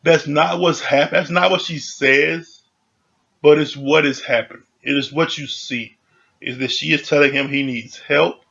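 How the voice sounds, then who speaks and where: A man's voice: fairly high pitch, fairly even intonation, unhurried, creaky, bright, forceful tone, dull audio. A man giving a casual, conversational recap of a reality show, full of "you know" and "like".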